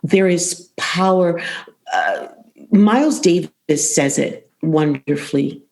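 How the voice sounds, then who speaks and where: A middle-aged woman, a vocal coach, talking as a podcast guest in an expressive, rhythmic way, repeating phrases for emphasis. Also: fairly low pitch, slow, creaky. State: emotional, close to tears.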